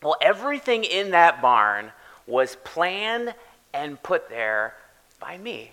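A man preaching a sermon as pastor, animated and checking in with the congregation with repeated "right?". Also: on the high side, slow, low-quality recording. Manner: animated, tags lines with "right?".

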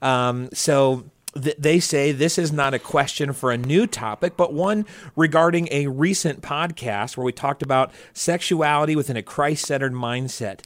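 A man's voice: medium pitch, normal speed, no echo. A man hosting a church podcast, joking around and reading a listener's question aloud. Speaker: podcast host. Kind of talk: casual church podcast chat.

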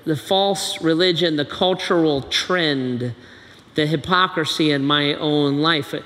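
A man's voice: on the high side, pushed and bright, big-room sound. A middle-aged man preaching a sermon, telling stories in a loose conversational way, full of fillers and restarts. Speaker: pastor.

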